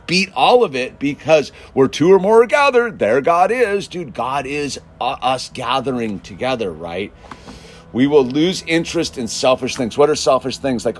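A man ranting in a casual monologue, emphatic and constantly saying "dude", swinging between loud bursts and low mutters. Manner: emphatic, peppers speech with "dude". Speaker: show host.

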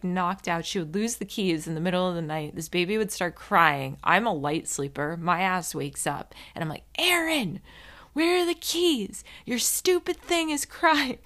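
A woman's voice: on the low side, a bit bright. A woman giving a casual self-help monologue, candid and chatty, swearing now and then and drifting into side stories while she talks straight to the listener. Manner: speaks to the listener directly with frequent "right?" and "like".

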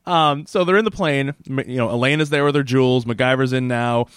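Male co-host, mid-pitched, dry close sound, chatty recapper who laughs and acts out quotes. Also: smooth, no room sound. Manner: laughs often, acts out characters' lines in quick put-on voices. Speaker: podcast co-host. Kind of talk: casual chat recapping a TV episode.

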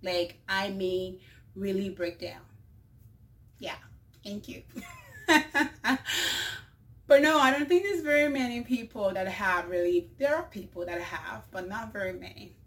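A woman's voice: medium pitch, expressive, measured pace, long pauses, fairly bright tone. A woman, a mother, hosting her own show in a casual monologue, chatty and full of fillers, often laughing. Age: adult mother. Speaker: show host.

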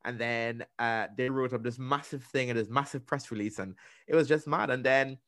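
A man's voice: moderate pace, no echo, clean studio sound. A young man, a radio presenter and podcaster, chatting casually and acting out the voices of the people in his story. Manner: animated, acts out quoted voices with big pitch jumps.

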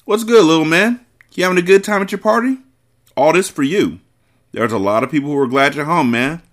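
A man voicing a smooth male hustler who speaks in friendly street talk. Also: fairly high pitch, brisk, fairly bright tone, voice pushed up, natural voice.

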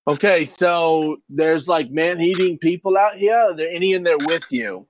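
A man's voice: a little high, moderate pace, a little hiss or hum, natural voice. A man faking a polite British courier. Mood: bluffing. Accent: fake British. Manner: over-polite, stammering excuses.

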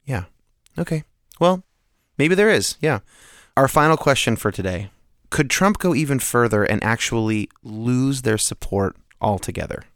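A man hosting a podcast, presenting interview clips in a relaxed, jokey way. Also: medium pitch, moderate pace, no room sound, clean studio sound. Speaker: podcast host.

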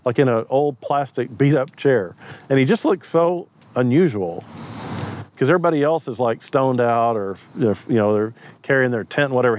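A man's voice: mid-range voice, darkish tone, a little hiss or hum. A man, perhaps a pastor, casually telling a story about faith, acting out the lines of people he met, with plenty of ums and uhs. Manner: anecdotal, acts out quoted dialogue, frequent fillers. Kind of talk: conversational storytelling talk.

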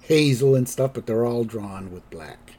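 A man's voice: mid-range voice, measured pace, dark tone. Chatty man recapping a cartoon. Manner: chatty, rambling with restarts. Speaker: podcast host. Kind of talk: casual episode recap.

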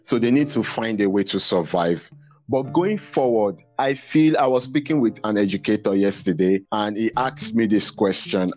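A man, a teacher and podcaster, talking in an interview in a measured, reflective way, stressing his points. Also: medium pitch, darkish tone, dull audio. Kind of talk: interview guest, earnest storytelling.

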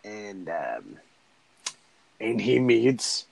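A man's voice: mid-range voice, slow, no echo, low-quality recording. A young man casually recapping a movie in a rambling, laid-back way, swearing often.

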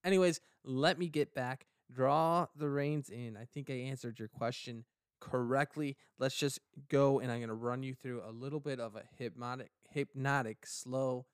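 Guy cohosting a podcast, jokey and rambly, smooth clear voice, dry close mic. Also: mid-range voice, fairly even intonation, moderate pace, dry recording. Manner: joking, rambling, playful. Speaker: podcast co-host. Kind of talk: casual podcast chat.

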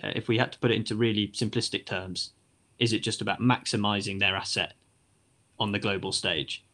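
A man leading a casual football discussion, asking probing, measured questions. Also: on the low side, fairly even intonation, bright, forceful tone.

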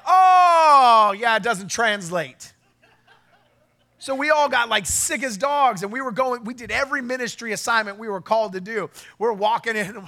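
A middle-aged man preaching a sermon as pastor, telling a story with swings from low asides to loud exclamations.

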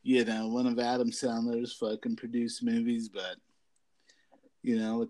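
A man co-hosting a podcast in casual chat, swearing constantly and giggling through animated stories. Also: mid-range voice, a little slow. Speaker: podcast co-host.

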